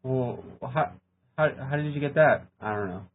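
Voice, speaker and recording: A man's voice: medium pitch, normal speed. A man from Western New York co-hosting a casual podcast, joking at his own expense in a sheepish way. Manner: self-deprecating, sheepish. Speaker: podcast co-host. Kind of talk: casual banter. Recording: phone-like audio with faint noise.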